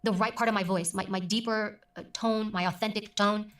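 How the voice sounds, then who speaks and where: A middle-aged woman who works as a news presenter, talking emphatically and deliberately as an interview guest. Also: medium pitch, steady tone, a bit bright, reverberant, recorded from a distance. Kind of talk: conversational interview.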